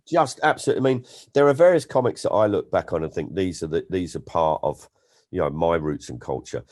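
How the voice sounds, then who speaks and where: Deep-voiced animated male storyteller. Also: a little fast. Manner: animated storyteller, slips into impressions. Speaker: comedian and guest. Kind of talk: casual interview chat.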